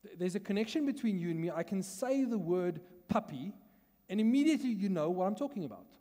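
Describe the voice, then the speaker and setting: Pastor, male, South African accent, mellow voice, chatty teaching tone, church hall with long reverb. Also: high-pitched, very animated, quick pace. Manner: conversational teaching, asks the congregation questions, laughs often. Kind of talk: sermon.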